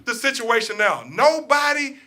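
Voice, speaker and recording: A man's voice: very high voice, lively intonation, moderate pace, pushed and bright. A man co-hosting a sports talk show, ranting his opinions with profanity and repeating himself as he gets worked up. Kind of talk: heated casual sports talk.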